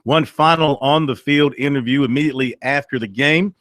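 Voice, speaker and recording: A male sports radio host talking in a conversational way, recapping plays and filling gaps with little pauses. His voice sits in a middle register and sounds close and dry, with no room around it. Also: medium pitch, fairly bright tone, no room sound.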